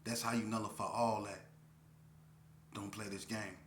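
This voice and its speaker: A man giving a casual monologue, talking slowly and repeating himself like a preacher. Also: fairly low pitch, little pitch movement, fairly bright tone, roomy sound, a little hiss or hum. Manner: preachy street talk, repeats himself, drawn-out pauses. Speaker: vlogger.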